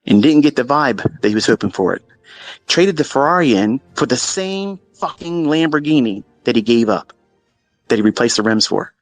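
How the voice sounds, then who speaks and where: A man's voice: medium pitch, very animated, moderate pace, no room sound, soft background music. A middle-aged man telling a casual story to his audience in a blunt, profane, mocking way. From Maryland, USA. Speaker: trading educator.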